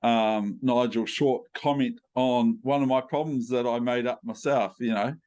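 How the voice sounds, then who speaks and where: A man's voice: medium pitch, steady tone, unhurried, a little mellow, clean tone. A man with a New Zealand accent interviewing a guest in a playful, chatty way, wandering into asides. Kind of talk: casual interview chat.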